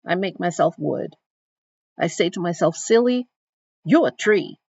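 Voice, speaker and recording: Quiet, enduring Celie, read by a woman in the first person, gravelly voice, on a dull, dry recording. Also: on the low side, animated, unhurried, no echo, heavily acted. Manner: reading a first-person novel passage aloud.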